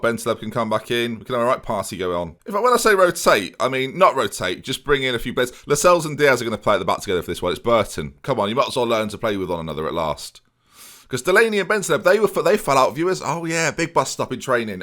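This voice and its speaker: A man's voice: on the low side, fairly bright tone. A young man hosting a gaming video, giving casual let's-play commentary in a sardonic, self-mocking way and talking straight to his viewers.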